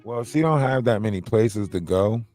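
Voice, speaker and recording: A man's voice: fairly low pitch, lively intonation, normal speed, a little mellow, faint music behind. A man hosting a livestream, talking casually and mockingly in slangy gossip commentary. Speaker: livestream host.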